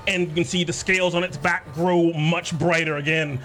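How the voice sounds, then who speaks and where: A man narrating a tabletop game as game master, describing monsters with halting fillers. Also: fairly high pitch, little pitch movement, a bit bright, soft background music.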